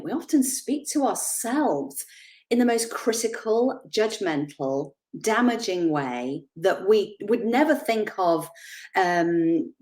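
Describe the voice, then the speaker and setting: A middle-aged woman giving a chatty, animated motivational talk on confidence, laughing at herself as she goes. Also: on the low side. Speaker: confidence speaker.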